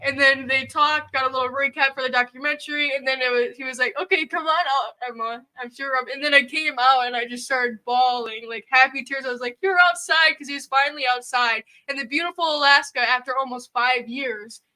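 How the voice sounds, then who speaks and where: A woman's voice: high voice, fairly even intonation, brisk, hardly any pauses, bright, forceful tone. A young woman co-hosting a livestream, telling a story in an emotional, rambling way. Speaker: co-host. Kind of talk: casual livestream chat.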